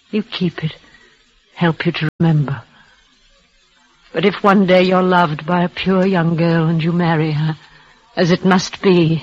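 An actress playing a frail, devoted young woman near death, speaking in a halting, breathless, emotional way in a 1940s radio play. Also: medium pitch. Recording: muffled old radio broadcast.

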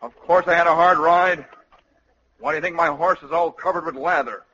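Man voicing a sneaky cavalry colonel, brusque, bright voice, slightly high, dull old radio sound. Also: steady tone, fairly quick, a little hiss or hum. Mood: irritated. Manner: brusque, hushed orders. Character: scheming middle-aged male cavalry colonel, curt and sneaky. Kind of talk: 1950s radio comedy acting.

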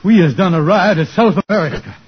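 An actor playing a scheming, blustery grown man in a 1940s radio comedy, bossy and quick to plan, with a husky voice. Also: high voice. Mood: worried. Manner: bossy, fast-planning, chuckling. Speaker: comic lead in a radio sitcom. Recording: muffled old radio broadcast.

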